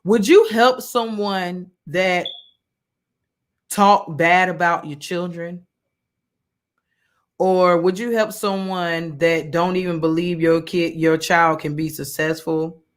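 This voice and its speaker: A woman's voice: fairly low pitch, fairly even intonation, slow pace. Woman preacher, casual storytelling sermon, rambling delivery. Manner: conversational, many fillers and restarts, colloquial. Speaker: women's Bible study teacher. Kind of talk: informal sermon with personal story.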